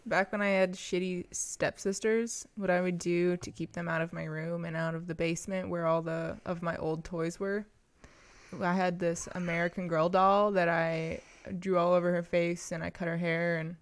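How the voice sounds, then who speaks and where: A woman co-hosting a podcast, telling stories in a relaxed, deadpan, casual way and swearing now and then. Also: on the low side, moderate pace, smooth. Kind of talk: casual storytelling chat.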